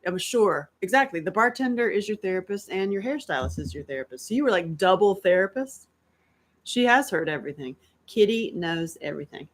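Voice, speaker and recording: A middle-aged North Carolina woman with a medium-pitched voice hosts a casual live-stream chat. She's candid and animated, laughs often and throws in quick asides.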